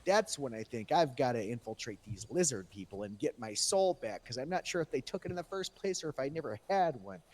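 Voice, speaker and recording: A man's voice: mid-range voice, animated, a little fast, hardly any pauses, darkish tone. A man telling a rambling, profane tall tale in character during a role-play game. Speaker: role-playing police character.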